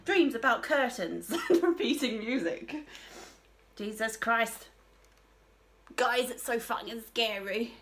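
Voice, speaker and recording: A woman's voice: on the high side, lively intonation, slow, pauses often, fairly bright tone, a little hiss or hum. A young woman, commentating on a horror game, jumpy and swearing, with nervous laughs. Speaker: gamer. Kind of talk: casual gaming commentary.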